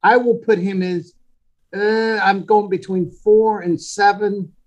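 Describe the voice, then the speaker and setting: A man's voice: sits high, steady tone, slow. A middle-aged man hosting a joking casual panel chat, teasing the others and often restarting his sentences.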